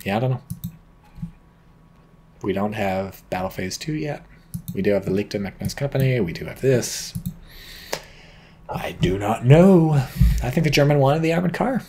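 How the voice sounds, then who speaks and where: A man's voice: medium pitch, animated, brisk, pauses often, mellow, a little hiss or hum. Wry, swearing male game commentator. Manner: wry, offhand, swears casually. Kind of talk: casual live-stream game commentary.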